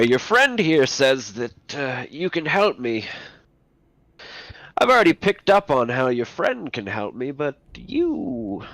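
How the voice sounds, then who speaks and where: A menacing crime boss voiced by a game master who talks down to everyone in a slow, creaky voice. His pitch swings widely from sneering highs to threatening lows. He sounds lazy and unhurried, in no rush to make his point. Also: a bit bright, dry recording, exaggerated voice. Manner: condescending, calls the listener boy. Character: menacing man, a crime boss probing a newcomer.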